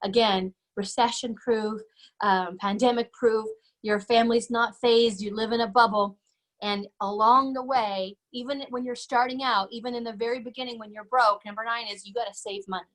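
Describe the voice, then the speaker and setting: A middle-aged woman giving an energetic, emphatic motivational business talk on a webinar, repeating her key points. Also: fairly high pitch, normal speed. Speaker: guest speaker. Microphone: webinar microphone.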